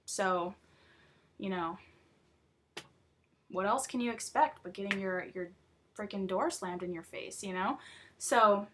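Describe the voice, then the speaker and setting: A young woman vlogging casually, chatty and rambling, full of fillers and excited asides. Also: medium pitch, unhurried, pauses often, slight background noise. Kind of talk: casual chat about a TV show.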